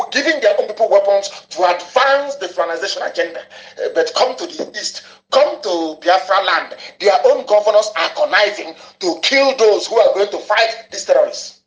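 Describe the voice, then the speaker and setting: A man giving an angry, ranting broadcast monologue, hammering points home by repeating phrases. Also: sits high. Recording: echoey room, dull lo-fi audio.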